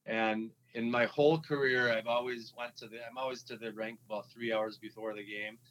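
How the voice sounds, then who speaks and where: Speaking at a medium pitch with a Minnesotan accent, a man who used to play hockey recounts his story in a relaxed interview. His speech halts, full of fillers and restarts, and the audio sounds dull.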